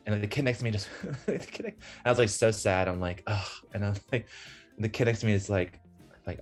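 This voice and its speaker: A young man from the United States, a guest on a video call, telling stories in a lively way with lots of laughing and acted-out voices. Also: on the low side, fairly quick, soft background music. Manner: animated, laughing, acts out voices in his stories. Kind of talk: casual storytelling chat.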